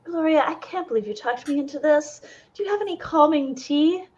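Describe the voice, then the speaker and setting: Woman playing a breathy dragonborn woman, nervous, stammering, high and lively. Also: unhurried, highs cut off. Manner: hesitant, stammering.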